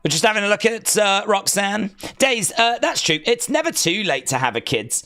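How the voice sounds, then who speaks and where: English male streamer, casual jokey rambler, bouncy and somewhat high-pitched delivery. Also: very animated, moderate pace, sharp tone. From England. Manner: rambling, joking, chatty asides. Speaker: wrestling watch-along streamer. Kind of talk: casual live-stream chat.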